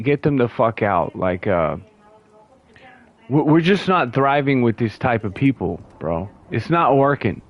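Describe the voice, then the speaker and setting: A man's voice: medium pitch, lo-fi sound. A man from the United States chatting loosely while streaming a game, rambling, restarting sentences and chuckling now and then. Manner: slow, drawn-out delivery. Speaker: gaming livestreamer. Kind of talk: casual livestream chatter.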